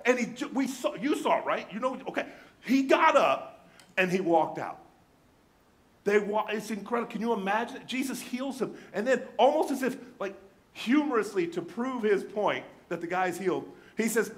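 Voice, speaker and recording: A man's voice: very high voice, normal speed. A man preaching a sermon as pastor, telling a scripture story with energy and acting out the people in it. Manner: animated storytelling, acts out scripture voices.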